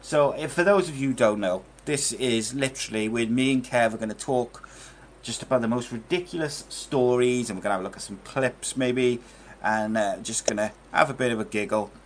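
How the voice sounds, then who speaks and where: Speaking briskly at medium pitch over a little hiss or hum, this man hosts a laid-back football podcast. He rambles chattily, leaning on plenty of filler words.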